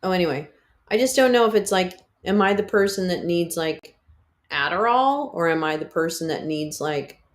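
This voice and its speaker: A woman's voice: lowish voice, expressive, normal speed. Rambling woman on a casual livestream. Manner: rambling, candid, swearing, laughing. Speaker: livestream host.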